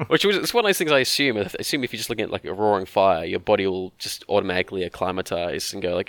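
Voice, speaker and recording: A man's voice: deep voice, quick pace, a bit bright, no room sound. A man, co-hosting a casual chat and rambling through joking asides. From Australia. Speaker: podcast co-host.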